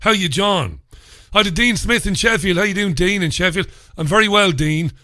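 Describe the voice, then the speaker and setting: A chatty man hosts his radio show, greeting listeners one after another while getting over a head cold. His voice sits a little high and sounds bright and forceful. The studio sound is dry and close. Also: normal speed, no room sound. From England. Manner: chatty, warm greetings to listeners, swears mildly. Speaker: radio host. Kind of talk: casual radio show chat.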